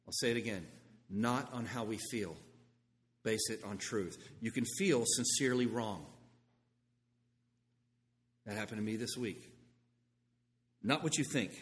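A middle-aged man preaching a sermon as pastor, telling stories with lively asides and a conversational manner. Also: mid-range voice. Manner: animated storytelling, conversational asides. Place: church sanctuary. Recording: long reverb in a large room.

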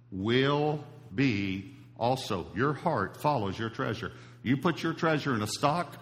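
A man's voice: mid-range voice, a bit bright. A male pastor giving a sermon in an emphatic, conversational preaching style. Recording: long hall reverb.

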